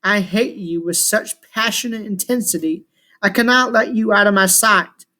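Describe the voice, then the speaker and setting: A man's voice: high voice, normal speed, sharp tone. A grumbling, contemptuous ancient chaos god trapped in a small shell creature, read out by a man narrating a storybook. He speaks grandly about eternity and sneers at everyone around him. The reading stays plain and close to an everyday voice. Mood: scornful.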